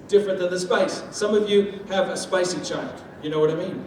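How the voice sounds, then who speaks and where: A man giving a lively talk to an audience, using food analogies and acting out quoted voices. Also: high voice, brisk, a little hiss or hum. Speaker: speaker on step parenting. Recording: echoey hall from far off, faint ambience.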